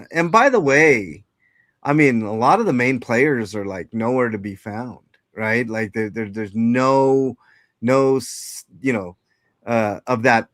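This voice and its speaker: A man hosts a loose, chatty livestream, greeting people in chat and drifting through half-finished thoughts full of fillers. His voice sits at an ordinary middle pitch. The sound is dry and close, with no room echo. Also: fairly bright tone. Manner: rambling, lots of fillers and restarts. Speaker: livestream host. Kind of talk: casual live chat.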